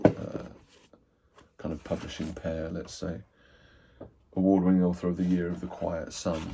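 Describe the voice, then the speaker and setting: A man's voice: low voice, mellow, a little hiss or hum. A man chatting casually and rambling as he unboxes and sorts a haul of old books, thinking aloud and poking fun at himself. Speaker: book collector, channel host.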